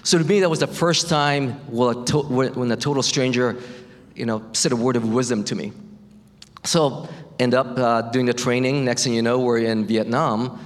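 A middle-aged man giving a personal faith testimony, halting and restarting often as he tells it. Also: mid-range voice, fairly even intonation. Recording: long hall reverb.

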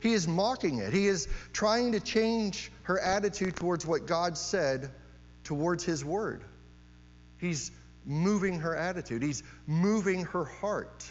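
A man preaches a sermon in a fairly high voice, speaking unhurriedly and hammering home his points with repeated key phrases and rhetorical questions. The sound is dull and muffled, with a long hall reverb and a faint electrical hum beneath it.

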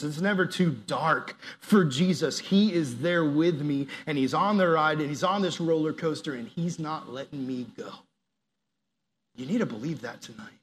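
A man preaching a sermon as a youth pastor, animated, acting out quoted prayers and dropping to soft, earnest appeals. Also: medium pitch, slight background noise.

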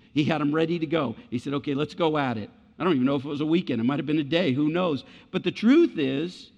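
A male pastor preaching a conversational sermon, acting out the voices of doubters and of Jesus. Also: fairly high pitch. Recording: muffled sound with long hall reverb.

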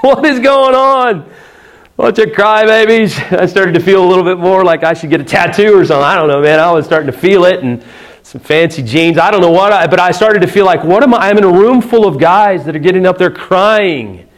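A middle-aged pastor preaches a sermon built around a personal story, speaking earnestly with pauses and restarts. At the tender moments his voice drops soft and low.

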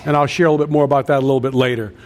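A man's voice: mid-range voice, fairly even intonation, very fast. A man in his sixties, a pastor preaching a sermon with an earnest cadence and emphatic repeated lists. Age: 60s.

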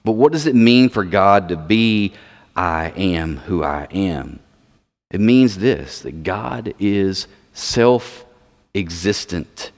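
A man's voice: sits low, animated, takes it slowly. A man preaching a sermon, explaining scripture and putting questions to the audience. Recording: long hall reverb.

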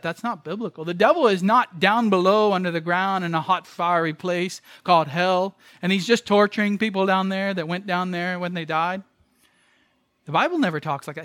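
A man's voice: sits high, fairly bright tone, dry recording. A man preaching a sermon as pastor, emphatic, repeating phrases and asking rhetorical questions.

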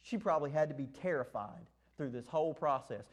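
A man preaching a sermon, lively and animated, acting out the words of the text. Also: brisk. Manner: animated, acts out scripture quotes with rising pitch.

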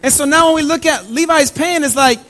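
A man with a notably high, light voice preaches a sermon. He is earnest and repeats his key lines for weight, speaking to his congregation as family. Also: a little fast, bright, forceful tone, low-quality recording. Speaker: pastor.

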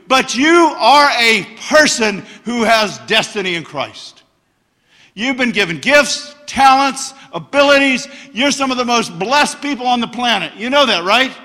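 A middle-aged man preaching a passionate sermon as a guest speaker, telling stories and swinging to loud bursts. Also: very high voice, expressive, measured pace. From United States. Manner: passionate, storytelling, bursts of shouting. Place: church hall. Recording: church hall reverb.

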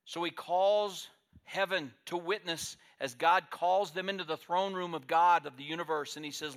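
Emphatic pastor with a bright voice. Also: male voice, fairly high pitch, steady tone, normal speed. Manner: emphatic, swings between loud declarations and quiet asides. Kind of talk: sermon.

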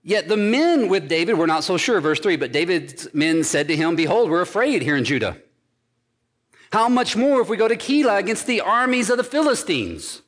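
A man's voice: high-pitched, very animated, moderate pace, a bit bright, long reverb tail. A man preaching a sermon as pastor, driving his points home with emphatic repeated phrases.

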